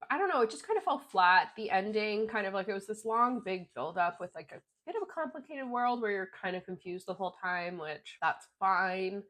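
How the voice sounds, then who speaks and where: A woman's voice: mid-range voice, lively intonation, fairly quick, few pauses, fairly bright tone. A young woman vlogger talking casually through her book rankings, rambling with lots of fillers. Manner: chatty, rambling with many "like" fillers. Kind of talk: casual book review chat.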